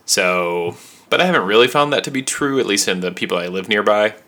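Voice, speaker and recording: A man chatting on a movie podcast. His voice sits a little low but rings bright and forceful, and he keeps slipping puns and running gags into the talk. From United States. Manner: jokey, playful, quick with puns and riffs. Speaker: podcast co-host. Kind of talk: casual movie-podcast chat.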